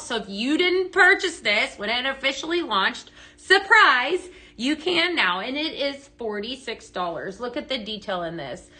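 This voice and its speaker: A woman's voice: a little high, sharp tone. A woman hosting a live product sale, chatting in an upbeat way with many fillers and tag questions as she shows items at a table. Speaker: live sale host for a home fragrance brand. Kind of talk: live shopping demo.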